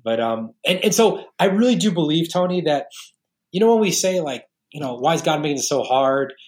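A man's voice: a little high, expressive, brisk, a little mellow. Male guest, forties, from New York, earnest storyteller, casual. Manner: earnest storytelling, many restarts. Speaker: podcast guest, realtor. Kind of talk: casual interview talk.

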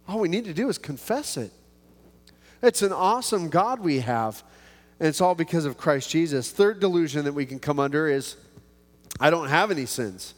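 A man's voice: a little high, lively intonation, normal speed, a little mellow, long reverb tail. A man preaching a sermon in a casual, self-mocking way, acting out little prayers and conversations. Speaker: pastor.

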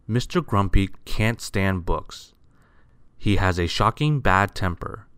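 A man reading a children's picture book aloud, expressive and asking the listener questions. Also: deep voice, slow, clean tone, no room sound, studio quality. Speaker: storyteller.

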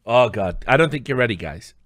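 A man's voice: medium pitch, animated, brisk, fairly bright tone, no room sound, studio quality. A man hosting a live stream, rambling through casual reaction commentary with lots of swearing and laughing asides.

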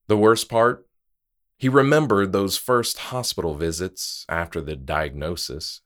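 A man reads a horror short story aloud with a very deep voice. His delivery is somber and measured, and he keeps an unhurried, slow pace. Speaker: narrator.

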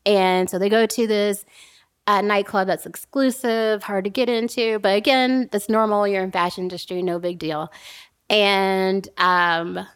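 A woman casually telling a story to a friend on a podcast, animated and laughing often. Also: medium pitch, a little slow, smooth.

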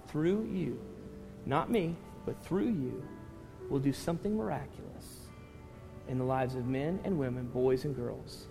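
A man preaching a sermon as pastor, telling a story emotionally, swinging from loud to hushed and tearful at times. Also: mid-range voice, gravelly. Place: church sanctuary. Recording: church hall reverb with music.

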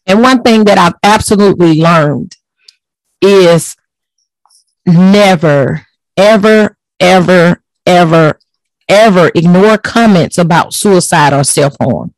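A woman's voice: on the low side, slow pace, no echo, poor audio. A woman talks in a casual podcast. She sounds earnest and emphatic and leans on repeated words to drive her points home. Her voice is recorded dry and close to the mic. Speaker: host.

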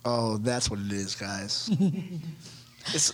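A man co-hosting a comedy chat, his pitch bouncing around as he gushes and swears. He sounds eager and good-natured, and he backs down with a quick sorry. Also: lively intonation, fairly bright tone. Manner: enthusiastic, profane, easily apologetic. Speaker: podcast co-host.

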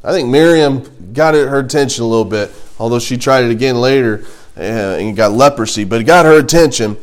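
A man teaching a Bible class in a relaxed, conversational way, reading scripture aloud and breaking off with jokes and asides. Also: medium pitch, a little fast.

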